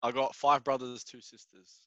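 A laid-back man from Australia speaks as a guest on a casual podcast. His voice is bright and forward at a middle pitch. The sound is dry and close to the mic. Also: flat delivery, normal speed, dry recording, lo-fi sound. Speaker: guest, strength and conditioning coach. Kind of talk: casual chat.

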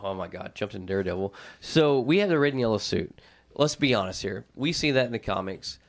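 A low, gravelly man chatting casually as co-host of a fan show. He gets excited fast, cuts in and restarts his sentences, and laughs easily. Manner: excitable, talks over and restarts, laughs often. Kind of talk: casual chat.

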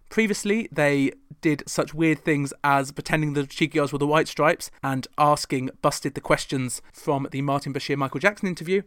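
A man's voice: on the high side, a bit bright, smooth, dry recording, clean studio sound. A man hosting a chatty pop chart commentary with wry, sarcastic asides. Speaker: host.

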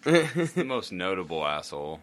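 A man's voice: low voice, big pitch swings, moderate pace, a bit bright. A man co-hosting a podcast, joking crudely and half-singing lyrics as he picks them apart. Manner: jokey, crude, sings lyrics aloud. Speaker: podcast co-host. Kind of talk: casual comedic chat.

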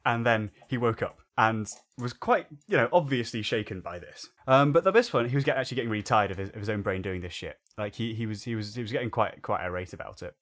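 A man's voice: lowish voice, quick pace, few pauses. A young man, a podcast co-host telling a story in casual chat, with lots of restarts. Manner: animated storyteller, swears freely, many restarts.

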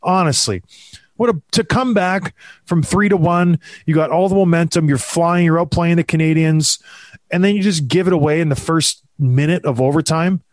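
A man's voice: a little high, normal speed, no echo. A man hosting a sports talk show, ranting in exasperation with frequent sighs. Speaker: hockey podcast host. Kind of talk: heated sports commentary chat.

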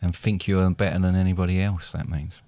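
A man co-hosting a casual podcast, playfully putting on regional accents, laughing often and drawling phrases slowly. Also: sits low, level tone, dark tone, no echo. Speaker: podcast co-host.

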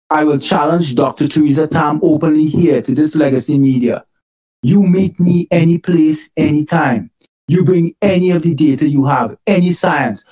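A man from Canada, a doctor, giving a defiant, forceful public statement in a played clip. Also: fairly high pitch, poor audio.

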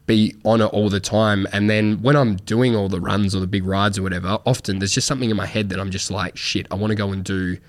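Rambling low-voiced man. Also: fairly even intonation, fast, hardly any pauses. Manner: rambling, swears freely, many fillers. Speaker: podcast host. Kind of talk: casual chat.

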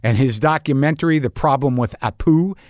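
A man hosts a podcast and tells a long story in a profane, emphatic, self-mocking way. His voice sits in a middle pitch. The sound is dry and close to the mic. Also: brisk, darkish tone, no echo. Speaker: podcast host. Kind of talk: monologue storytelling.

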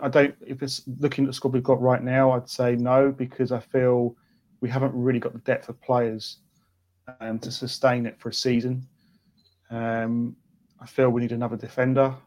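A man's voice: medium pitch, level tone, normal speed, darkish tone. A man, a football fan guest on a podcast, speaking hesitantly with many ums and restarts. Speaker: guest, fan channel presenter. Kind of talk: casual podcast interview.

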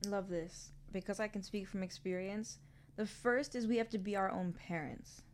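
A woman's voice: mid-range voice, moderate pace, a little hiss or hum. A woman guest on a conversational interview, a singer-songwriter who talks earnestly and effusively and swears casually.

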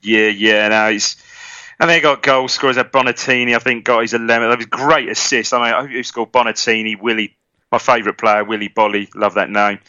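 A man's voice: medium pitch, fairly even intonation, fairly quick, sharp tone, dry recording, highs cut off. A man from England co-hosting a casual football podcast, eagerly chiming in and prompting his co-host. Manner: eager interjector, keeps prompting the other host.

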